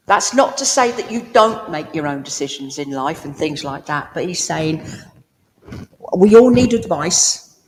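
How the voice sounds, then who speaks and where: A woman's voice: fairly low pitch, darkish tone, slight background noise. A woman giving a spiritualist mediumship reading in a village hall, chatty and down-to-earth, talking directly to a listener. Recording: long hall reverb.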